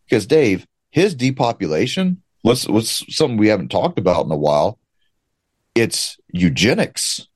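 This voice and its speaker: Man, emphatic sarcastic rant, fairly low voice, dry close sound. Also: very animated, normal speed, darkish tone, breathy edge, dry recording. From United States. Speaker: guest commentator. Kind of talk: political commentary.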